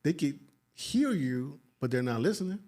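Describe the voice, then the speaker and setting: A man hosting an interview, asking gentle questions and offering quiet reassurance. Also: fairly high pitch, sing-song, moderate pace. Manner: soft-spoken, reassuring, brief prompts. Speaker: podcast host, interviewer.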